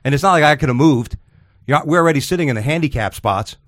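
A man's voice: on the high side, animated, fast, fairly bright tone, dry recording, studio quality. A man hosting a radio talk show, telling stories in a rambling, casual way with many restarts and fillers. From Florida.

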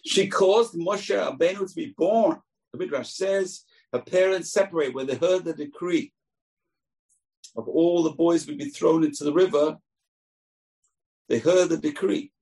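Gravelly husky guy teaching torah, tells stories, does the voices. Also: fairly high pitch, unhurried, long pauses, low-quality recording. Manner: animated teller, acts out quoted voices. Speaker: rabbi teaching. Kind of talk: Torah lesson with storytelling.

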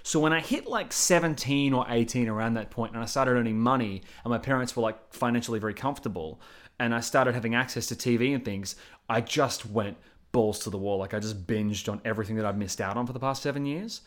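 A man's voice: medium pitch, quick pace. Rambling, profane male storyteller. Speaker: podcast guest. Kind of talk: casual chat.

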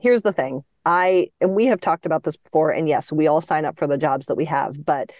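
A woman co-hosting a sports podcast, giving measured opinions in casual chat. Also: low voice, a little mellow, dry recording, clean studio sound. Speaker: podcast co-host.

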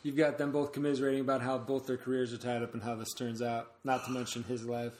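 A man in casual movie commentary chat, quick and argumentative as he picks apart the plot's logic. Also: mid-range voice, little pitch movement, darkish tone, roomy sound.

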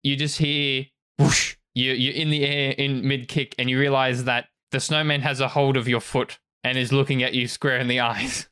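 A man narrating as game master in a relaxed, laughing, casual way. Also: mid-range voice, normal speed, hardly any pauses, clean tone. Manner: laid-back, laughs often, with casual fillers.

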